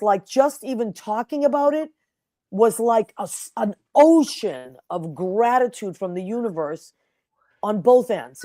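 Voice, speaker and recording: A woman's voice: fairly high pitch, warm tone, no room sound, clean studio sound. A woman hosting an interview show, telling heartfelt stories in a casual chat and acting out the people in them. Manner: emotional storyteller, acts out quotes. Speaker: podcast host.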